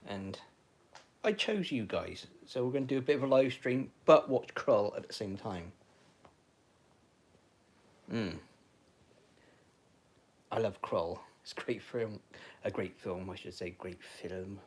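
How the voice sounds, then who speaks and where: A man's voice: on the low side, animated, a little slow, long pauses. A man chatting casually on a live stream from home, rambling and talking to viewers and his dog.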